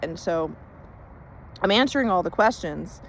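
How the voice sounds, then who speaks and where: A woman's voice: mid-range voice, unhurried, a little hiss or hum, rough recording. A woman coach telling her personal healing story in a casual, chatty way, earnest and emphatic about her faith. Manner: chatty storytelling, reenacts conversations with "and I'm like". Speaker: faith-based life coach.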